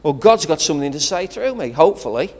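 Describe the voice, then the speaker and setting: English guy preaching a sermon, bit of a high voice, chatty and fired up, throws in praise the lords. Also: sing-song, fast talker, a little mellow. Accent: English regional. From England. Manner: rousing and conversational, with interjections of praise. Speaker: pastor.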